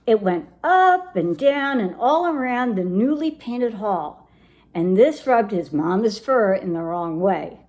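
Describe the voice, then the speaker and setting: Expressive woman reading a picture book. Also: mid-range voice, takes it slowly. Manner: expressive, lively storytelling. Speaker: children's story reader.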